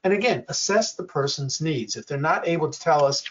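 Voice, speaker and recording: Slow, deliberate older male presenter. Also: a little high, recorded from a distance. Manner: slow, deliberate, acts out quoted examples. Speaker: workshop presenter. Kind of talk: educational workshop talk. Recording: dull lo-fi audio.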